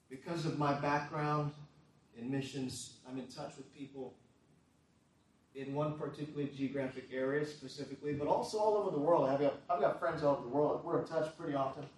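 An earnest male pastor preaching in a church, his fairly high voice rising to forceful emphasis and dropping to quiet asides. The sound is very echoey and picked up from some distance off the mic. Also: fairly even intonation, normal speed. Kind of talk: sermon.

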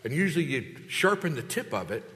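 Animated preacher man in an echoing hall. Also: fairly quick. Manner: animated, acts out quoted voices with big pitch jumps. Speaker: pastor. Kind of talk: sermon. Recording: long hall reverb.

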